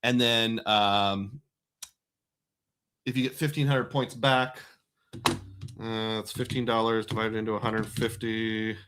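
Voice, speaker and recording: A man's voice: fairly low pitch, little pitch movement, slow, long pauses, fairly bright tone, smooth. A man hosting a casual livestream about credit cards and bank bonuses, talking in a chatty, rambling way with many asides. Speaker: personal finance host.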